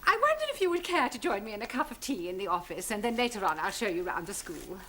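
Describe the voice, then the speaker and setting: An actress playing a bossy, prim headmistress in a 1970s studio sitcom, clipped and commanding. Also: female voice, mid-range voice, sing-song, quick pace, a bit bright, slight background noise. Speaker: school principal.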